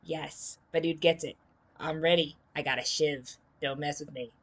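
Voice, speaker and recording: A woman's voice: deep voice, steady tone, moderate pace, a bit bright. A woman streaming a game, reading its lines aloud and reacting with chatty giggles.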